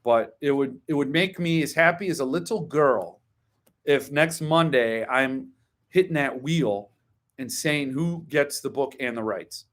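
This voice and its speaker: A man's voice: medium pitch, measured pace, fairly bright tone. A man hosting a casual live-stream about books, talking in a chatty, opinionated way that drifts into wry grumbling rants. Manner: chatty, digresses with ums and asides. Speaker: host.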